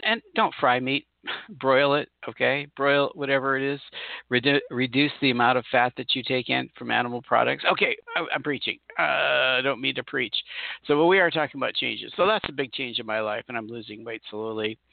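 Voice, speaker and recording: A man's voice: mid-range voice, creaky, dry recording. A middle-aged man hosting a podcast, talking casually in a rambling, chatty way that often corrects itself. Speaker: podcast host and spirit channeler. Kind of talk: casual solo podcast monologue. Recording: tinny phone-like sound.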